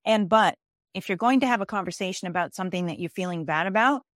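A woman's voice: mid-range voice, fast, dry recording. Brief: woman coach guest, insistent and repetitive, close dry voice. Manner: emphatic, repeats key phrases, restarts often. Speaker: executive life coach and author. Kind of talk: interview guest explaining ideas.

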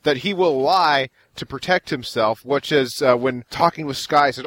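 A man's voice: mid-range voice, moderate pace, a bit bright. A man in a casual chat about a TV show, thoughtfully reasoning things out.

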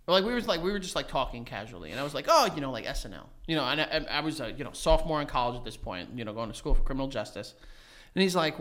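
Male podcast co-host, lively pitch, rambling storyteller, casual. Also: fast talker. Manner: rambling, filler-heavy storytelling. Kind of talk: casual comedic chat.

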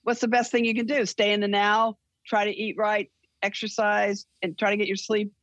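A woman's voice: medium pitch, little pitch movement, normal speed, fairly bright tone, dry recording, dull audio. An older woman, a guest, telling stories in a rambling, self-correcting way during casual chat.

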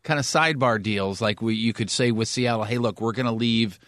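A man's voice: mid-range voice, fairly quick, fairly bright tone, dry recording, studio quality. A man hosting a casual hockey podcast, curious and joking, asking follow-up questions. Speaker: podcast host. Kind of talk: casual sports chat.

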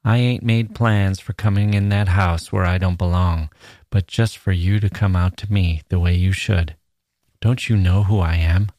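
A man's voice: deep voice, fairly even intonation, normal speed, darkish tone, no room sound, clean studio sound. A man reading aloud voices a menacing young man who talks in an insistent, slangy, wheedling way. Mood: coaxing. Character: menacing young man, smooth-talking predator.

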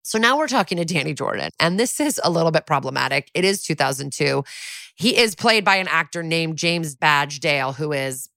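A woman's voice: deep voice, animated, a little fast, gravelly, fairly bright tone, no room sound, clean studio sound. A woman co-hosting a podcast, chatting casually through an episode recap with plenty of fillers and casual swearing. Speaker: podcast co-host.

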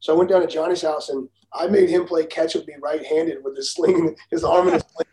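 A man in his forties, a former baseball pitcher, telling stories in casual talk. He is animated, acts out the other people's lines and laughs as he goes. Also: fairly quick. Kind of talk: casual storytelling. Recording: roomy echo.

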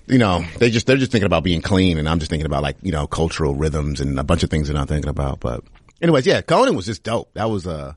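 A young man, a comedian, answering interview questions in a relaxed, rambling way. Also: extremely low pitch, fast, no echo.

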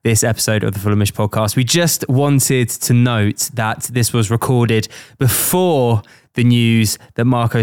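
A man's voice: medium pitch, clean tone, dry recording, studio quality. A man hosting a casual podcast, upbeat and teasing with his guests. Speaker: podcast host.

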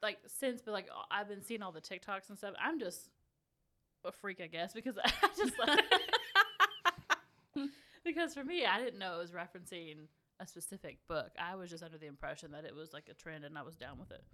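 A woman's voice: fairly low pitch, lively intonation, a little fast, sharp tone. A woman chatting casually as a podcast guest, laughing along. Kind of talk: casual chat.

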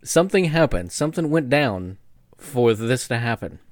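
An animated man chats and laughs easily. His pitch swings up and down a lot around a middle male level, and the sound is dry and close. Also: normal speed, dry recording. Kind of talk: casual chat.

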